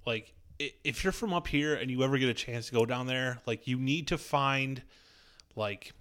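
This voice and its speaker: A man's voice: medium pitch, moderate pace, fairly bright tone, clear, resonant tone. A man chatting casually on a podcast, easygoing and agreeable, riffing along with enthusiasm. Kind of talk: casual chat.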